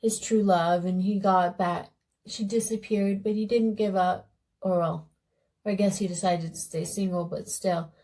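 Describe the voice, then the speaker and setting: Brief: young female vlogger, unhurried casual storytelling over makeup, soft-spoken and meandering. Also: medium pitch, fairly even intonation, rough recording. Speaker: beauty vlogger.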